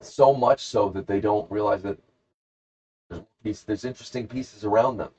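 A man's voice: on the low side, fairly even intonation, moderate pace, darkish tone, highs cut off. A man hosting a podcast, casually telling a rambling, jokey story and acting out the characters. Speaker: podcast host.

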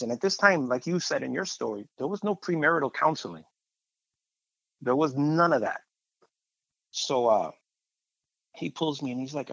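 A man sharing a personal testimony in a lively storytelling way, acting out the voices of the people he quotes. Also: medium pitch, normal speed, gravelly, long pauses, slightly rough, dry recording. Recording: dull, muffled sound.

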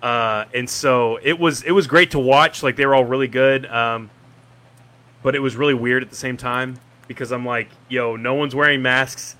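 Man with a bright, sharp voice, chatting. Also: mid-range voice, steady tone, normal speed. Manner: rambling, many fillers and likes. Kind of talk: casual chat.

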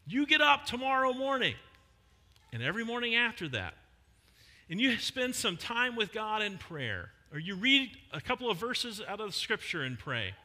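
A middle-aged man preaches a sermon in a conversational, emphatic style, pausing to lean on key words. His voice is bright and fairly high, with lively swings of pitch. It rings out in a church hall with a long reverb. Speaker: pastor.

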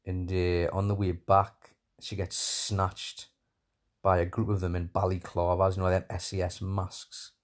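A man's voice: low-pitched, completely flat delivery, measured pace. A man casually retelling a film's plot scene by scene, rambling with many fillers and enthusiastic asides. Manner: enthusiastic, calls scenes "class". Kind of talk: casual film recap.

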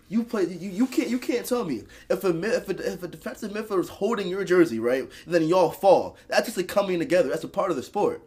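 A young man, co-hosting a casual sports podcast, arguing animatedly and stumbling over his words. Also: sits high. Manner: animated and argumentative, with many restarts. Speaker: podcast co-host.

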